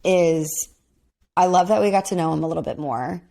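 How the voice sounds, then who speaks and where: Young female co-host, low and gravelly, loose rambling conversational delivery. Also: moderate pace, warm tone, slight background noise. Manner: rambling, lots of "like" and restarts. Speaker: podcast co-host. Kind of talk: casual chat.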